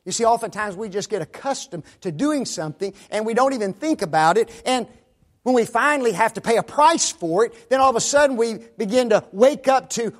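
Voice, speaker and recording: A man's voice: sits high, expressive, normal speed. A man preaching a sermon, often calling his listeners folks and tagging his points with rhetorical questions.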